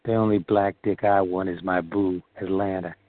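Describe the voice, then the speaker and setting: A man's voice: sits low, little pitch movement, moderate pace, noisy background. A man hosting a call-in show, firing back insults and profane jabs at callers. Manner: insulting, trash-talking. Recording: dry, phone-like.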